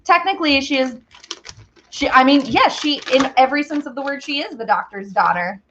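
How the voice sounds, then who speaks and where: A woman's voice: high voice, lively intonation, a little fast, muffled recording, background noise. A woman hosting a casual baking stream, chatting bubbly with viewers and a small child. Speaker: baking show host. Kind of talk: casual baking livestream chat.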